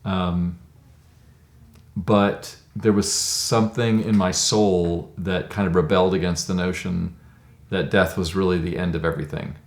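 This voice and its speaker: Deep-voiced man in his fifties, reflective. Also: steady tone, unhurried, echoey room. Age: 50s. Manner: reflective, conversational, many "um"s. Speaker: interviewee. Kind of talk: personal storytelling.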